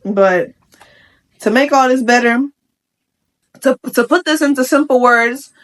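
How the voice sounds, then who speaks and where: A young adult woman giving casual commentary on a Reddit post, chatty and slangy, with frank opinions and quick asides. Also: high voice. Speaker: vlogger reacting to a Reddit post.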